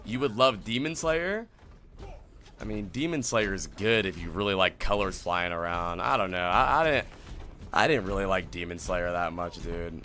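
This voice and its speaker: A man's voice: deep voice, animated, normal speed, pushed and bright, a little hiss or hum. A young man from New Jersey, a streamer rambling in slangy casual chat while answering his viewers.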